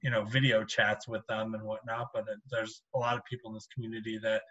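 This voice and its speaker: Flat-voiced man on dull call audio. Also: lowish voice, slightly rough. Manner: halting, laughing, trailing off. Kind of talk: casual podcast chat.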